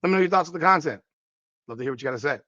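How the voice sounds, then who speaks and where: A man's voice: on the high side, animated, rapid-fire, pushed and bright, dry recording, dull audio. A man hosting a podcast, giving emphatic sports commentary on a clip and repeating his points for weight. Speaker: podcast host.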